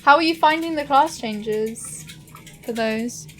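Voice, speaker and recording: A woman's voice: sits high, takes it slowly, a bit bright. A young woman streaming a game, chatting casually and giggling as she answers her viewers. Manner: friendly, giggly replies to chat. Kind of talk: casual live-stream chat.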